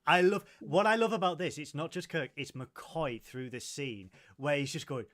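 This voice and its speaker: Male podcast co-host, slightly raised pitch, animated retelling with quotes. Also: moderate pace. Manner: animated, retells scenes with quoted lines, laughs often. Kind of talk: casual chat reviewing a film.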